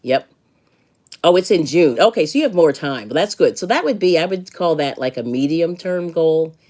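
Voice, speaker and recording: A woman's voice: low-pitched, expressive, moderate pace, a little mellow. A middle-aged woman hosting a live stream, casually chatting with viewers and giving advice, laughing often. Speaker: livestream host.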